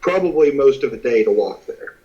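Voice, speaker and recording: A man's voice: mid-range voice, expressive, a little fast, mellow. Rambling male game master, muffled audio. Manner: rambling, many fillers and restarts. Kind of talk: narrating a tabletop game.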